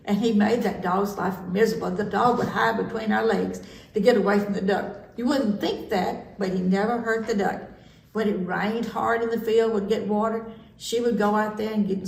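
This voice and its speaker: A woman's voice: mid-range voice, steady tone, moderate pace, creaky, a little mellow, slight background noise. A woman librarian reading a story to children in a homey, chatty way. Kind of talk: storytime reading and personal anecdote. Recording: echoey room, mic at a distance.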